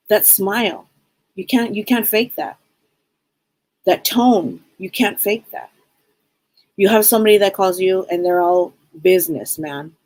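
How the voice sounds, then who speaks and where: A woman's voice: mid-range voice, expressive, a little slow, pauses often, darkish tone, no echo, poor audio. A woman hosting a casual live stream as a psychic, talking to viewers in an upbeat, rambling way and often repeating her phrases.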